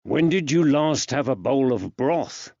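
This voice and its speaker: A man reading an audiobook, voicing a steady police detective who speaks in a firm, soothing, reassuring way, a touch raised and louder than his narration. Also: medium pitch, unhurried, gravelly, no room sound, lo-fi sound. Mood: kindly.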